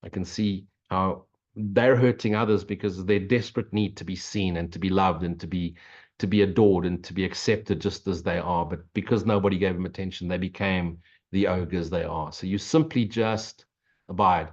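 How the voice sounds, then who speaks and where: Older man, spiritual teacher, earnest, preachy, blunt, low pitch, muffled recording. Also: fairly even intonation, moderate pace. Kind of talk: spiritual Q&A monologue. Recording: dull lo-fi recording.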